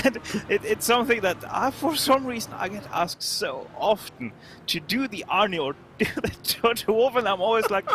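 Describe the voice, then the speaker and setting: A man's voice: sits high, slight background noise. A man from Austria speaking English with an Austrian German accent, chatting animatedly and giggling on a live race stream. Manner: animated and giggly, with quick bursts of laughter.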